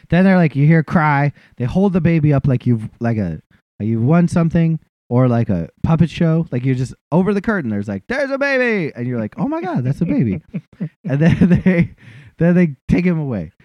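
Casual male storyteller, self-mocking, lively pitch, dry and slightly dull recording. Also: moderate pace, dry recording. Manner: self-deprecating, acts out other people's lines. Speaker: guest telling a story.

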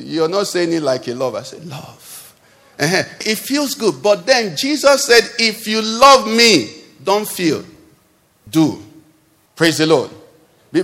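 A man preaching a sermon, questioning the congregation and calling for responses. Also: sits high. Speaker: pastor. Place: church hall. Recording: long hall reverb.

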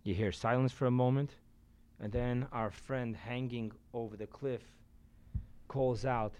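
A man, a rabbi, giving a sermon to a live audience in a room, telling stories and shifting from loud emphasis to quiet asides. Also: medium pitch, steady tone, unhurried, clear, resonant tone.

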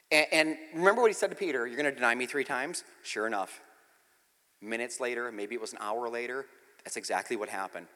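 A pastor with a medium-pitched voice preaches a sermon in a big-room acoustic, telling the story with acted-out quotes. He swings between hushed, intimate passages and loud, shouted ones.

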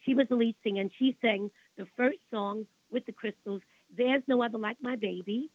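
A woman's voice: on the high side, normal speed, dry recording. Older Brooklyn woman on a phone line. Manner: rambling, repeats herself, indignant about the past. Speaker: interview guest, singer. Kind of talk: storytelling in a radio interview.

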